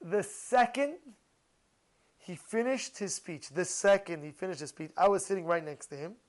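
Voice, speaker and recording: Man, very high voice, rabbi, lively storytelling Torah talk, repeats himself, Hebrew words mixed in. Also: normal speed, low-quality recording. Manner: animated, repeats phrases, mixes in Hebrew terms.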